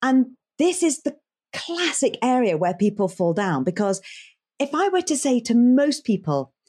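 Animated woman with a husky, mellow voice. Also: a little high, a little slow. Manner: animated and emphatic, stresses key words. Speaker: voice coach, podcast guest. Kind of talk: podcast interview, coaching advice.

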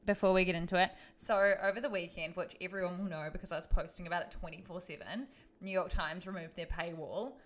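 A woman's voice: on the low side, steady tone, fast. A young woman co-hosting a podcast, chatting casually in a blunt, gossipy way. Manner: gossipy, blunt, laughs into lines. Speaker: podcast co-host. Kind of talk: casual chat.

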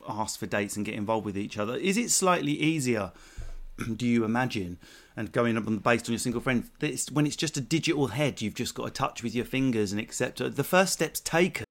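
A man's voice: medium pitch, big pitch swings. Rambling English man hosting a chat. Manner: rambling, self-mocking, quick asides. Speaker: podcast host. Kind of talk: casual comedic chat.

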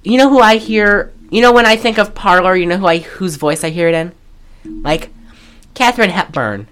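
A woman co-hosting a podcast, recapping a movie in casual chat, animated and profane, with lots of fillers and laughter. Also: mid-range voice, moderate pace, slight background noise. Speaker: podcast co-host.

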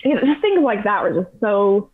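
A young woman in her twenties, a podcast guest, telling travel stories in a chatty, animated way with lots of "like". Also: medium pitch, moderate pace. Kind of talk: casual storytelling. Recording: tinny phone-like line.

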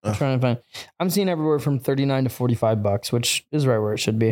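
A young man on a podcast, easygoing and blunt as he tells his stories. His voice sits at an ordinary middle pitch. He talks in loose, casual chat. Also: fast talker, darkish tone. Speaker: podcast co-host.

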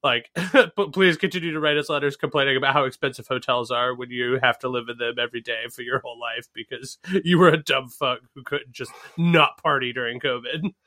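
A man's voice: mid-range voice, steady tone, fairly quick, hardly any pauses, bright, forceful tone. A man co-hosting a podcast, chatting casually in a mocking way, with laughs and stumbling restarts. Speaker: podcast co-host. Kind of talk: casual political banter.

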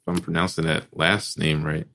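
A man's voice: very deep voice, little pitch movement, brisk, vocal fry, pushed and bright. A man co-hosting a casual movie review podcast, hesitant with many ums and restarts, and swearing casually. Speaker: podcast co-host.

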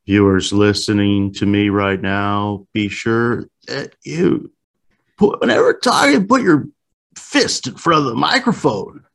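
Booming famous podcast host, impression by a man, loud announcer read. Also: lively intonation, measured pace, gravelly, full character voice. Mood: announcing.

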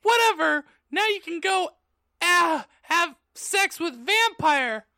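Guy doing a squeaky whiny goth girl, slow and sing-songy, super high. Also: lively intonation, fairly bright tone, exaggerated voice. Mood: petulant. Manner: shrill exaggerated falsetto. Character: melodramatic goth teen girl narrator.

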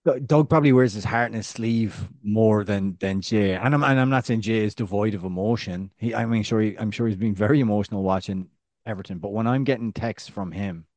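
A man's voice: lowish voice, a little fast, darkish tone, dry recording. Man rambling through casual football talk. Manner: rambling, full of "like" and restarts. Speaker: podcast co-host.

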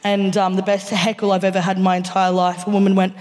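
A woman's voice: mid-range voice, little pitch movement, fast talker, darkish tone. A woman with an Australian accent telling a stand-up story on stage, laughing through her lines and swearing casually. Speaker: stand-up comedian. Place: large theatre stage with a live audience. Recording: live theatre reverb, faint background noise.

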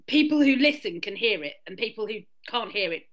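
A woman's voice: medium pitch, animated, a little fast, highs cut off. A woman with a Hackney London accent, chatting casually on a video call and laughing often as she demonstrates accents. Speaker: podcast guest. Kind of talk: casual chat explaining accents.

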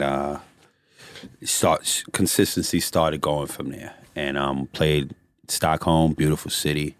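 A man's voice: extremely low pitch, no echo. A middle-aged man telling his story in casual, profane conversation and laughing often as he talks.

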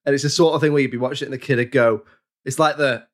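A man's voice: medium pitch, steady tone, racing. A man co-hosting a casual film podcast, wry and rambling, who swears casually. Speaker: podcast co-host.

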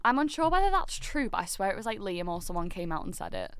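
A woman's voice: mid-range voice, sing-song, quick pace, clear, resonant tone, no echo. A woman co-hosting a podcast, chatting in a bubbly, giggly way. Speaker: podcast co-host. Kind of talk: casual chat.

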